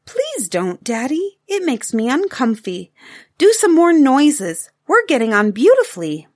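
A woman's voice: medium pitch, sing-song, measured pace, fairly bright tone, no echo, clean studio sound. A woman voicing an eager, chattering little cave girl in a storybook reading.

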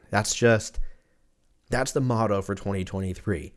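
A man's voice: lowish voice, moderate pace. A man in his thirties hosting a podcast, ranting casually in a profane, rambling, sarcastic way. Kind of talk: casual rant.

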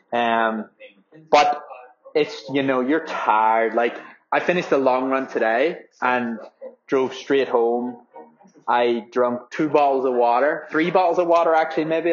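Speaking in a mid-range voice on a recording with the highs cut off, a young marathon runner from Ireland chats through a casual update. His talk wanders, is full of filler words, and is liberally sprinkled with swearing.

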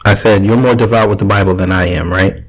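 Male host in a casual argument, low-ish voice, keeps restarting. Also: steady tone, fast talker, low-quality recording. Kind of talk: casual debate.

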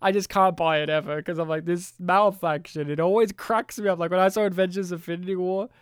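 A man hosting a casual film review podcast, animated and joking. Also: sits high, brisk, smooth, dry recording, clean studio sound. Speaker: podcast host.

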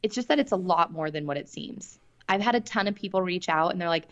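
A young woman co-hosting a podcast, talking fast and animated in casual chat. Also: fairly low pitch, highs cut off. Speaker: podcast co-host.

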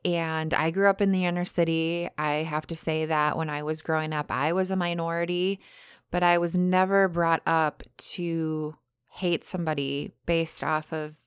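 A woman co-hosting a podcast in casual, frank chat, quick to laugh. Her voice sits fairly low and sounds smooth and clear. The sound is dry, with no room echo. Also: fairly even intonation. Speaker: podcast co-host.

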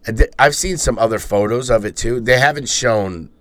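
A man's voice: medium pitch, moderate pace, no echo. A man co-hosting a podcast, telling a rambling story in casual chat, swearing and laughing often. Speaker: podcast co-host.

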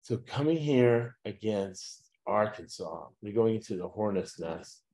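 A man hosting a sports betting podcast, talking casually and loosely, with lots of "uh" fillers and quick laughs. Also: on the low side, animated, warm tone. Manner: rambling, frequent "uh" fillers, laughs at own jokes. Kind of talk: casual chat with picks.

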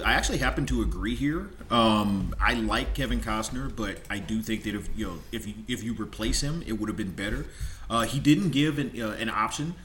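A man's voice: lowish voice, fairly bright tone. Laughing male podcast co-host, slight hiss. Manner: laughs often, reads out listener submissions. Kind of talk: casual chat.

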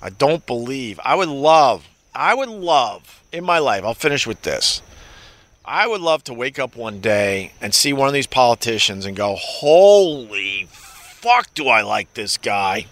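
Bright-voiced man ranting on a live stream. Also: medium pitch, animated, normal speed, dry recording. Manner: profane, sardonic, reads chat aloud. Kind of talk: casual rambling live-stream chat. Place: New York.

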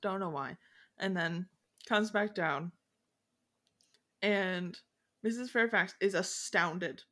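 A woman's voice: on the low side, slow pace, a bit bright. A woman hosting a podcast in casual chat, retelling a story with many fillers and frequent giggles. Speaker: podcast host.

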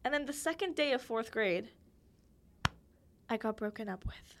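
There's background noise behind this podcast host, a young woman whose fairly high, animated voice moves at a moderate pace. Alone on her show, she chats and giggles through childhood stories, acting out quoted voices.

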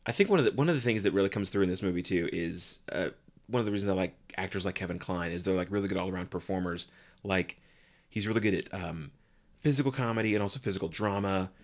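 A man co-hosting a podcast, chatting in a relaxed, rambling way full of "like". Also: low-pitched, quick pace. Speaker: podcast co-host. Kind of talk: casual chat about a movie.

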